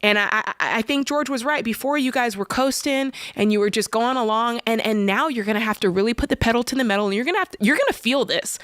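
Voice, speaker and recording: A woman's voice: a little high, fast, hardly any pauses, fairly bright tone, no echo, clean studio sound. A woman co-hosting a call-in money advice show, speaking frankly and emphatically to encourage a caller.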